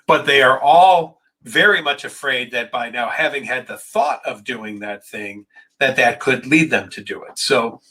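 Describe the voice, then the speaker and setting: Husky, forceful male psychologist telling a story. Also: mid-range voice, low-quality recording. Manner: vivid, dramatic retelling with quick asides. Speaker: clinical psychologist hosting a live Q&A. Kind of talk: animated personal storytelling.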